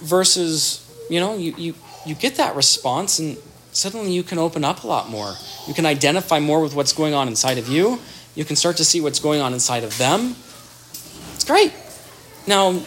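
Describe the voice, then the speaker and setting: Earnest, animated man explaining relationships. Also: on the high side. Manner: earnest, animated, acts out example dialogue. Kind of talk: explanatory talk on attachment.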